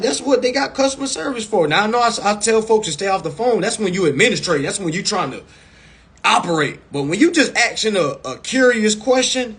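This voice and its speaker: A man coaching viewers in a casual live stream over a phone mic, blunt and profane, repeating himself and breaking into loud, emphatic bursts. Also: high-pitched, sing-song, fairly quick, breathy edge.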